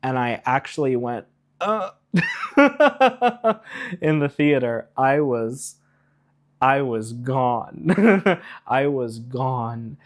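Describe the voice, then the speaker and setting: A man in an excited spoiler rant reviewing a TV episode, animated, rushing ahead and getting emotional along the way. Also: mid-range voice. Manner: animated, rushes and trails off, emotional asides. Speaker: YouTube reviewer.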